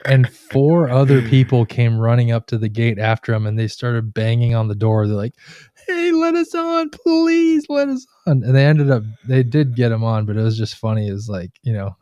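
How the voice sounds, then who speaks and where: A man co-hosting a casual podcast, spinning long rambling stories and acting out the people in them. His voice is warm and mellow. The sound is dry and close, with no room echo. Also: mid-range voice, fairly quick, hardly any pauses, clear, resonant tone, highs cut off. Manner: rambling storyteller, animated retellings. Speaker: podcast co-host. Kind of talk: casual chat.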